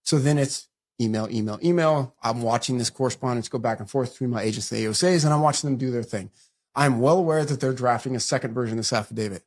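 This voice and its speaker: A middle-aged man, a guest on an interview show, telling a story in a brisk conversational way and acting out the lines people said to him. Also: medium pitch. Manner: fast retelling that acts out quoted dialogue.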